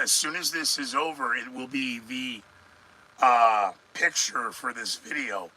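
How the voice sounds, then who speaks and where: Middle-aged male podcast host, sarcastic news commentary, very bright, sharp tone, rambling asides to viewers. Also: mid-range voice, rough recording.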